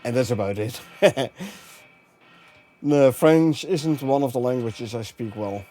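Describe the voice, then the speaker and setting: Dutch-accented male game streamer, unhurried and easygoing, soft dark tone. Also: medium pitch, faint music behind. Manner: relaxed, chatty, chuckles often, drifts between languages. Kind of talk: casual gameplay commentary, reading chat.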